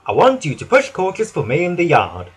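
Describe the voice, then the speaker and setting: A man voicing a stern but kind railway boss in a children's storybook reading, firm and commanding with loud exclamations. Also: a little high, wildly swooping pitch, normal speed, breathy edge, pitched above the performer's own voice, heavily acted. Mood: brisk.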